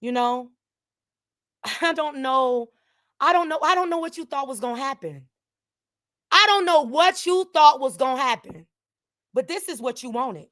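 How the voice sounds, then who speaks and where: Heated, shouting woman with a bright edge. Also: expressive, measured pace, long pauses, no room sound, clean studio sound. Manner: angry, repeats lines, swings from low mutters to shouting; swears freely, addresses viewers directly. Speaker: channel host. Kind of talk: heated direct-to-camera rant.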